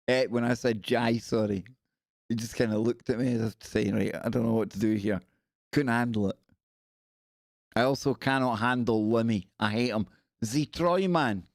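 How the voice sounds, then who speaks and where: A man's voice: medium pitch, darkish tone, dry recording, studio quality. A man hosting a casual live stream, reading an article aloud and chatting with viewers. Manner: chatty, reads aloud and talks to chat viewers.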